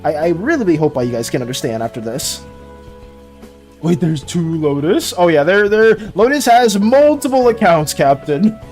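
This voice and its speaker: A streamer chatting casually on a live art stream, tripping over words and restarting sentences in a flustered rush. The pitch swings widely, jumping high when excited and dropping low when calmer. Faint music plays underneath. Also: moderate pace.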